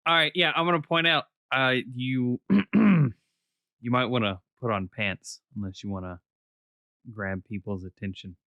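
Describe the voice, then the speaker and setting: A man's voice: medium pitch, unhurried, creaky, pushed and bright, no room sound, studio quality. A man playing a tabletop game, making wry, hesitant asides. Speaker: player. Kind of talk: casual tabletop game play.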